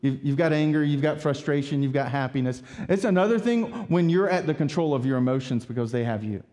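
A man preaching a sermon as pastor, talking in a conversational, animated way with rhetorical asides. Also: mid-range voice, fast, big-room sound.

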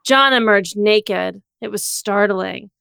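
A woman reading a comedic story aloud in a deadpan storytelling manner on a close studio mic. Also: mid-range voice, takes it slowly, vocal fry, slight background noise. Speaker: co-host reading fan fiction.

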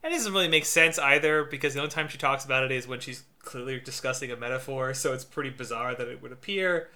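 Bright-voiced man in halting casual chat. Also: mid-range voice. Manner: halting, filler-heavy, laughs while talking. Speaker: podcast co-host.

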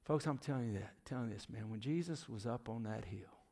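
A man's voice: mid-range voice, fairly quick, creaky, a little mellow, slightly rough. A middle-aged man preaching a sermon. He questions the congregation and often drops to a near whisper. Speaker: preacher, former youth minister and missionary.

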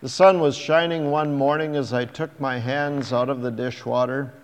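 A man reading a first-person story aloud in a measured, reflective way. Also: medium pitch, steady tone, clear, resonant tone. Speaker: narrator. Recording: long hall reverb.

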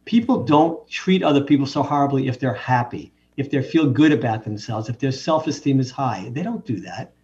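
A man's voice: medium pitch, animated, normal speed, few pauses, darkish tone, far from the mic. A man, a physician guest, telling anecdotes in a casual conversation, often breaking off and restarting his sentences. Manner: anecdotal, with frequent self-interruptions. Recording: dull, muffled lo-fi sound.

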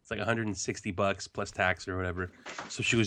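A man's voice: low voice, steady tone, quick pace, bright, forceful tone, slight background noise. A man hosting a podcast from home, telling a rambling, profane story in casual chat. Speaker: podcast host. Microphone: home computer mic.

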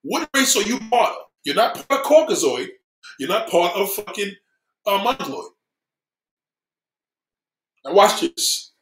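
A man's voice: high voice, very animated, a little slow, pauses often, roomy sound. A man hosting a livestream, reading viewer comments and ranting with heavy swearing, mocking and repeating himself. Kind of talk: profane livestream rant.

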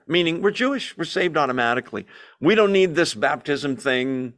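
Male Bible study teacher, mid-pitched, lively, fond of rhetorical questions. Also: moderate pace. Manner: animated, asks and answers his own rhetorical questions.

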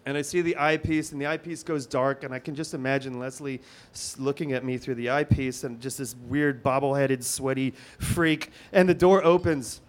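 A middle-aged man telling a comic personal story, halting and full of restarts, swinging between hushed and excited. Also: medium pitch.

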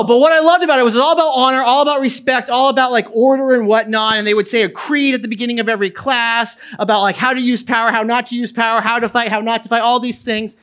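A middle-aged man preaching a sermon as pastor, moving from hushed tones to loud calls, with casual asides. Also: very high voice, clean tone. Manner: impassioned, swings from quiet to loud.

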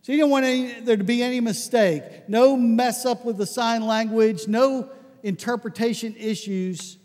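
A man preaching a conversational sermon, telling stories with lots of restarts and animated asides. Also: very high voice, moderate pace, long reverb tail. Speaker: pastor.

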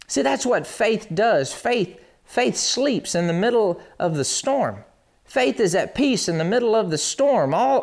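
A man preaching a streamed sermon, animated and acting out Bible scenes in quick voices. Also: sits high, gravelly.

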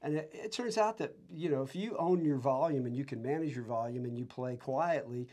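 A man in relaxed, easygoing conversation, chatting as a musician guest. He talks loosely, often restarting his sentences. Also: medium pitch, brisk. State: has tinnitus from years of loud music. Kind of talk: casual conversation.

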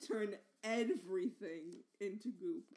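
A woman's voice: medium pitch, slow, a little mellow. A young woman co-hosting a podcast, teasing and giggling through silly debates. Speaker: podcast co-host. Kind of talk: casual banter.

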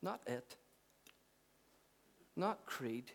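A middle-aged pastor preaches in a conversational way, mixing jokes with earnest, emphatic points. His voice sits a little high for a man. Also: moderate pace. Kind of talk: sermon.

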